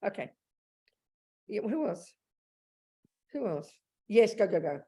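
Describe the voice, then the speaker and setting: An older woman giving a Buddhist dharma talk, blunt and animated, calling her listeners darling and sweetheart. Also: medium pitch, slow. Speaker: Buddhist teacher.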